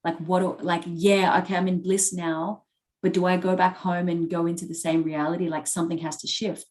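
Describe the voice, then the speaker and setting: A woman with a slightly low voice tells a personal story on a podcast. She is candid and emotional and swears without holding back, as she would in casual conversation with friends. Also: little pitch movement, a little fast, a little mellow. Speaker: podcast co-host.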